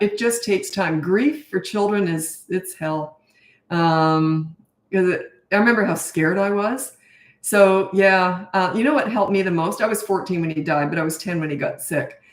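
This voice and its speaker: A woman in her sixties with a lowish voice talks frankly and casually as a parenting coach on a live stream. She reads out viewer questions and answers them plainly. Her voice rings in a noticeably echoey room. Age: 60s.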